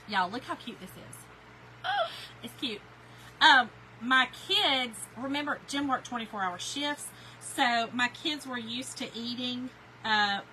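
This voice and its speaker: A middle-aged Southern woman from Kentucky talks casually to her livestream viewers, spinning folksy stories with plenty of slang. Her voice sits a little high and sounds bright. A faint hum of ambience runs underneath. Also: low-quality recording. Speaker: crafting livestream host. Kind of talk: casual chat reading live comments.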